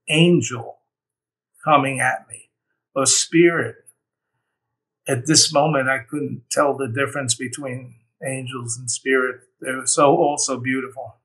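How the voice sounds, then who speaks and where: A man speaks in an earnest, heartfelt way, recounting his own experience with frequent "you know"s. His voice sits at an ordinary middle pitch. He sounds a little distant from the microphone. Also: sharp tone. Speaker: near-death experience survivor. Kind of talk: personal testimony.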